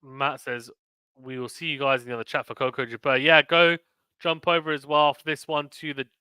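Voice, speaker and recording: A young man livestreams a tennis match, giving casual play-by-play, reading viewer comments aloud, and chatting between points. His mid-range delivery is flat and a little fast, pushed and bright yet smooth. No echo is present.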